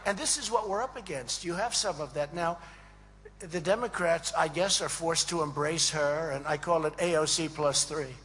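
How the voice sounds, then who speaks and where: A man's voice: fairly high pitch, normal speed, background noise. A man giving a rambling, emphatic rally speech to a crowd, repeating phrases and acting out quoted dialogue. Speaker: speaker at a political event. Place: large event hall.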